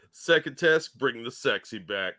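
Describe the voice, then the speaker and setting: Brief: male co-host, bright, edgy tone, dry teasing side-remarks on a live stream. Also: medium pitch, animated, slow. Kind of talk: casual live stream chat.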